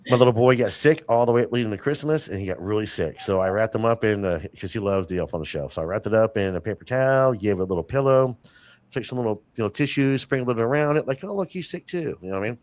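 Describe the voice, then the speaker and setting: A man's voice: on the low side, fast, darkish tone, no echo. A man talking as a podcast guest, telling long rambling stories full of fillers and restarts. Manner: rambling storyteller, many fillers. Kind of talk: casual interview chat.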